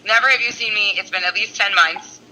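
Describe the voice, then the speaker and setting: A woman's voice: medium pitch, brisk, poor audio. A woman co-hosting a podcast, telling a story in casual chat with lots of swearing. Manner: profane, animated storytelling. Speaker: podcast co-host.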